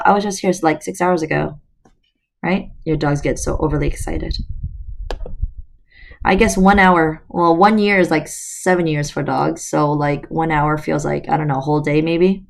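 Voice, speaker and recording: A woman reading a children's novel aloud with lively voice changes, breaking off for casual, talkative asides to her listeners. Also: deep voice, creaky. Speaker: storytime reader.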